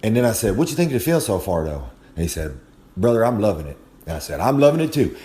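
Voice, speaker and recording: A brash man with a drawl, cutting a loose wrestling promo and calling himself by his ring name. His voice sits in an ordinary middle pitch, and his delivery swings between slow, drawn-out pauses and quick bursts. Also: sing-song, warm tone. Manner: brash, drawling, talks of himself in third person. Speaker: wrestling podcast segment guest.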